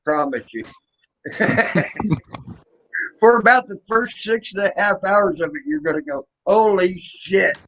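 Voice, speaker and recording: Relaxed man chatting casually. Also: high voice, slow, long pauses, a little hiss or hum, poor audio. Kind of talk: casual chat.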